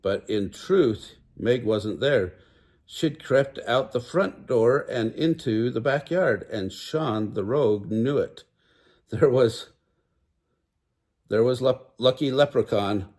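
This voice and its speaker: An older man reading a children's picture book aloud, unhurried, with small stumbles. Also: medium pitch, darkish tone. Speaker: storybook reader.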